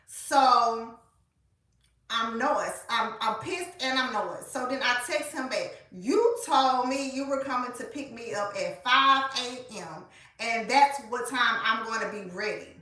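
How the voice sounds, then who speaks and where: Echoey, bright-voiced woman telling a story. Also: fairly high pitch, unhurried, far from the mic. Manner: animated, colloquial, addresses listeners as y'all. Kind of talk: casual storytime. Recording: echoey room, voice off-mic.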